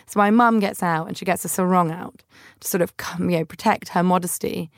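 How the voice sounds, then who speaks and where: A woman's voice: lowish voice, steady tone, fairly quick, gravelly, dry recording, studio quality. A young woman hosting a podcast, telling funny travel stories in a chatty, self-mocking way and putting on family members' voices. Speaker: podcast host. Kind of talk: casual storytelling monologue.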